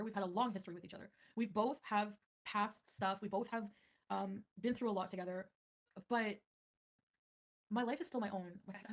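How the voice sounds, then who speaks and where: A woman livestreaming, ranting defensively at her viewers and answering chat. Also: medium pitch. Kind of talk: livestream rant.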